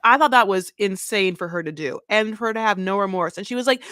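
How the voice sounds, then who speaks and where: A woman co-hosting a podcast, talking in a sarcastic, blunt way. Her voice sits at a middle pitch, recorded close and dry with no room around it. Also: fast, few pauses, a bit bright, smooth, no room sound. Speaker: podcast co-host. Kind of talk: casual chat.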